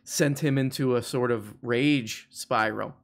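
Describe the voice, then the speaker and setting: With a mid-range voice, a measured pace and some vocal fry, this man runs a laid-back call-in livestream. His hosting is rambling and jokey, loaded with fillers.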